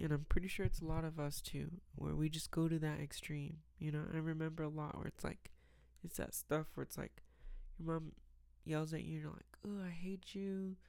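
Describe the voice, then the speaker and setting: A man giving a casual, rambling Bible reflection, reading verses aloud and filling pauses with "um" and "like.". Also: on the high side, creaky, darkish tone, clear, resonant tone, no echo, studio quality. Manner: rambling, many fillers, reads scripture aloud.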